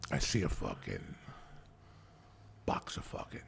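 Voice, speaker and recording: A man telling wild stories in casual chat, profane and animated, laughing through them. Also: extremely low pitch, unhurried, creaky, a little hiss or hum.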